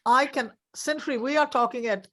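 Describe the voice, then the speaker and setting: A chatty woman with a slightly high voice talks casually over a video call. She laughs easily and works out plans aloud with the others before a session starts. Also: fairly quick, a bit bright.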